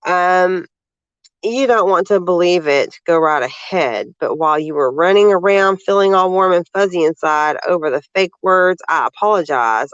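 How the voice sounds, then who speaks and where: A man's voice: high-pitched, normal speed, a bit bright, clear, resonant tone, dry recording, highs cut off. A man reading social media posts aloud and commenting on them in a sarcastic, indignant manner. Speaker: vlogger.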